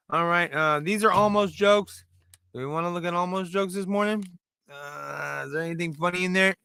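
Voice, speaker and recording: Bright-voiced rambling comedian, high and crisp. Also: male voice, dry recording. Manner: rambling, self-deprecating, restarts a lot. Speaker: stand-up comedian and host. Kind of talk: casual stand-up monologue. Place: room in front of a brick wall.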